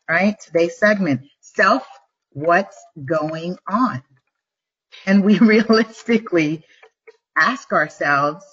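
Middle-aged woman, vlog host, low-ish husky voice, emphatic and repetitive motivational delivery, slightly muffled webcam audio. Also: fairly bright tone. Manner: emphatic, repeats and slows down to stress points. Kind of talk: motivational live-stream talk.

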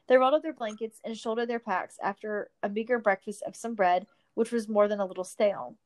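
A woman's voice: medium pitch, brisk, darkish tone. A woman narrating a storybook, reading steadily with the odd slip and restart.

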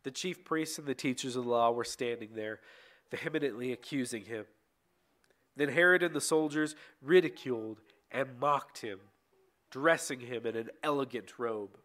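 A man reading a bible passage aloud in a steady way, with occasional slips and restarts. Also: medium pitch, moderate pace. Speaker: scripture reader.

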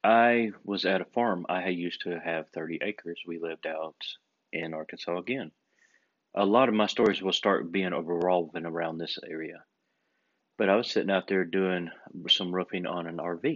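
Guy, lowish voice, casual storytelling, does the voices, kinda muffled lo-fi sound. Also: moderate pace. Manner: animated storyteller, acts out quoted voices. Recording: dull lo-fi recording.

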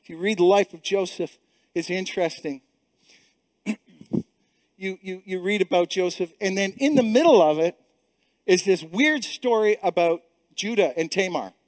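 A man's voice: sits high, normal speed, long pauses, darkish tone, dry recording. A middle-aged male pastor preaching a sermon with emphatic repetition and frequent restarts. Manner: emphatic, repeats words, many restarts.

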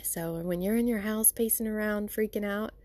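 With a medium pitch, normal speed, and a darkish tone, a woman podcast host speaks from home. Her casual monologue is reflective and wandering, full of "you know" and "you guys."

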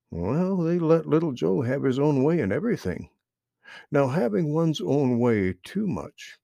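A man reading a children's storybook aloud in an expressive, animated way. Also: mid-range voice, creaky, no echo, studio quality.

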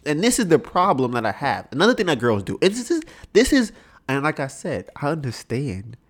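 A man hosting a podcast, telling stories in an animated, profane way and often asking "right?". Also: fairly high pitch, a little fast. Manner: animated, profane storytelling with many rhetorical "right?"s. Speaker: podcast host. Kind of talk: casual chat.

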